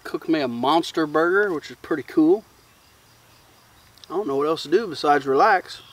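A man's voice: a little high, moderate pace. Chatty man rambling by a campfire. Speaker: bushcraft vlogger. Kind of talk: casual campfire chat to camera. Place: outdoors in the woods at a campsite. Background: crickets and insects.

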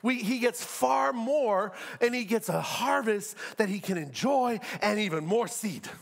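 Male pastor, middle-aged, high and animated preaching voice, lots of rhetorical questions. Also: measured pace, vocal fry. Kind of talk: sermon.

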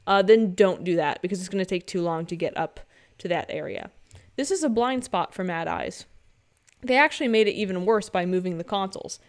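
A woman's voice: mid-range voice, clean tone. A young woman talking casually through a gameplay tutorial voice-over, chatty and joking, with playful asides. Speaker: game guide creator.

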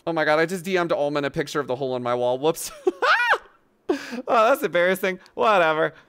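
A woman's voice: deep voice, racing, clean tone. A woman streaming live in casual, playful chat, thanking viewers and joking crudely with frequent laughter. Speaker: livestreamer.

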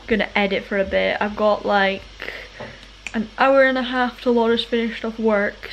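A woman's voice: mid-range voice, a bit bright, a little hiss or hum. Giggly girl vlogging, kinda dull lo-fi audio. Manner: bubbly, giggly, chatty. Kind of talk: casual vlog chat.

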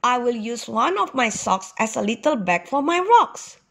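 A polite, eager little boy ox from a children's storybook, voiced by a woman reading aloud. He gasps with wonder at everything he sees, his voice lifting high and swinging widely. The delivery is slow with a husky edge. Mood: excited. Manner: excited, wonder-filled exclamations.

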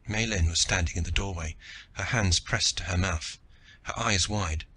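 A man narrating an audiobook in the first person with steady, forceful storytelling. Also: sits low, moderate pace, slight background noise.

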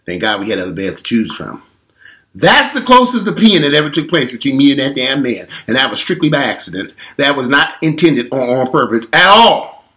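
A man in his forties telling a candid, profane story straight to his viewers in an animated way. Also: mid-range voice, a little fast. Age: 40s. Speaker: vlogger.

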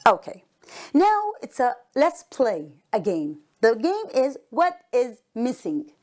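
Very slow phonics teacher, lively pitch. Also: female voice. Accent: Arabic. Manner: drawn-out, sounds out letters one by one with frequent praise. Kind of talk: slow phonics lesson for children. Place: recorded for a broadcast school lesson.

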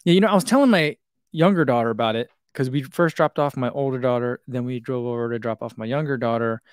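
A man's voice: mid-range voice, fast, dry recording. Rambling man, dry close sound. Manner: rambling, self-deprecating, many fillers. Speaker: running channel host. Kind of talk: casual chat reading live comments.

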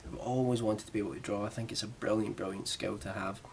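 A young Glaswegian man with a lowish voice talks to camera in a loose, chatty vlog style. He pokes fun at himself and wanders off into asides. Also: fairly even intonation, quick pace, creaky, a little hiss or hum. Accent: Glaswegian Scottish. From Glasgow, Scotland. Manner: chatty and self-deprecating, with rambling asides. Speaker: vlogger. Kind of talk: casual vlog chat.

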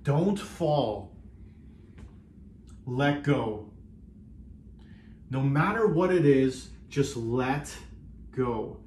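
A man hosting a self-help video, talking earnestly in a casual motivational way, often repeating himself and slowing down on key phrases. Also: medium pitch, lively intonation, darkish tone, slight background noise. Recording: roomy echo.

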